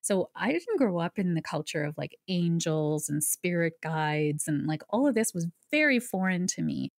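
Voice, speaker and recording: A woman's voice: on the low side, moderate pace, no room sound, studio quality. A woman guest on a podcast, a psychic medium, telling her story and explaining ideas in an earnest, conversational way. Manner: earnest, explanatory, with lively asides.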